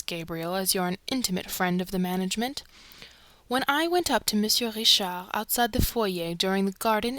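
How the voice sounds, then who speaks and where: Woman reading as an excitable man, indignant, rapid questions, dry close sound. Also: fairly high pitch, dry recording. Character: agitated male theater secretary, excitable.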